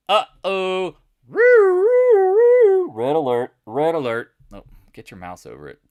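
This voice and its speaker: Middle-aged male market host, lively jokey delivery with lots of playful voice swings, dry close sound. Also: medium pitch, dry recording. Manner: animated, jokey, mimics imagined viewers and accents. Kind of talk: casual live market commentary.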